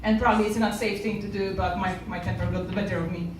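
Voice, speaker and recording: A woman's voice: mid-range voice, fast talker, background noise. Polish-accented woman doing stand-up. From Poland. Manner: animated storytelling, acting out other people's lines. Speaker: stand-up comedian. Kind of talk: stand-up comedy set. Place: comedy club stage. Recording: echoey room from far off.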